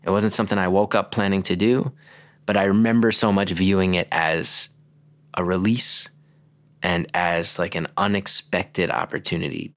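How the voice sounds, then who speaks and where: A man's voice: sits low, fairly even intonation, normal speed, no echo. A man from New Jersey, a podcast guest, answering candidly and reflectively with some restarts. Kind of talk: interview answers.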